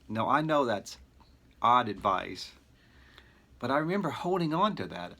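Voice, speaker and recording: A middle-aged man giving a recorded lecture to teachers, earnest and emphatic, with deliberate pauses. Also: mid-range voice, sing-song, pushed and bright. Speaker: teacher educator.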